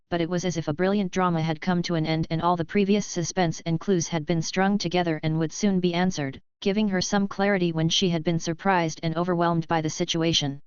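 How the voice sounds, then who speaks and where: Steady woman audiobook narrator, low voice. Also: smooth, dry recording, lo-fi sound.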